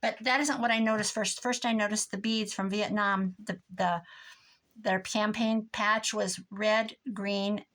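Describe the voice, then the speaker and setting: A woman's voice: mid-range voice, steady tone, a little slow, a bit bright. Older lady crafting n chatting, rambly and a bit cranky. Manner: chatty, rambling, mock-grumpy. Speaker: crafting vlogger. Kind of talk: casual chat while crafting.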